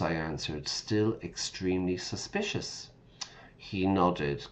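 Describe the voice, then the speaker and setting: A man's voice: on the low side, lively intonation, unhurried. A man reading game text aloud and patiently explaining words to English learners, often checking in with listeners. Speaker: English teacher streaming a game.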